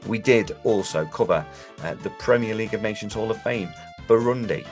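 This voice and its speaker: Deep-voiced man hosting a podcast. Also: a little fast, soft background music. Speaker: podcast host. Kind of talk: casual podcast chat and outro. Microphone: remote call.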